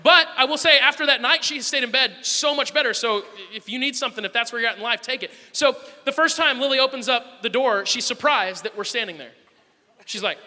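A man preaching a sermon, telling a family story with animated swings between loud bursts and soft asides. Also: extremely high pitch, a little fast, big-room sound. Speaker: pastor.

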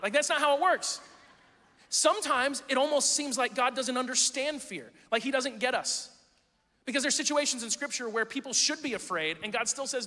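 High-voiced guy preaching, bright sound, jokey laid-back sermon, long hall echo. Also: lively intonation, a little fast. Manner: casual, joking preaching with asides. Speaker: pastor.

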